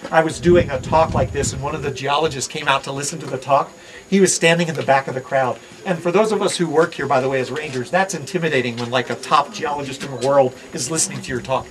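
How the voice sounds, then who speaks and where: A middle-aged man from Hawaii giving an outdoor park ranger talk, joking with visitors and quizzing them on the sights. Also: mid-range voice. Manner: playful, quizzes the crowd and jokes. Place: outdoors at a volcano viewpoint. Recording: outdoor recording with audible crowd.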